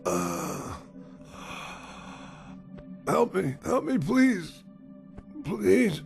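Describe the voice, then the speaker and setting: A dying man burning with fever, his slow, heavily gravelly voice swinging widely between weak pleas and bitter outbursts. Pitched a little high for a man. Soft music plays behind him. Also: wildly swooping pitch, long reverb tail, full character voice. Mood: pleading, weak. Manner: pleading, then bitter and defiant. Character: feverish dying man, demanding, terrified of death. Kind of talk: dubbed drama dialogue.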